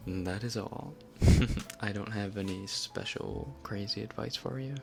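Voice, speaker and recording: A woman chatting casually on a live stream, answering her chat in a soft, giggly, rambling way with lots of fillers. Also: a bass voice, unhurried, creaky, noisy background.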